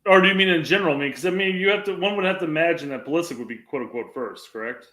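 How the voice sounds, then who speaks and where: A man's voice: on the high side, racing, bright, forceful tone. A man co-hosting a casual soccer podcast, asking questions and passing on audience comments. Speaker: podcast co-host. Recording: echoey room.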